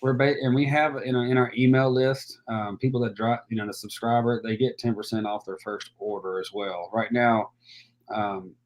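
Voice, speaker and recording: A man from Tennessee with a Tennessee accent, a guest in a casual interview, easygoing and halting, heard over a video call. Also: on the low side, a little mellow, rough recording. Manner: easygoing, many fillers and restarts.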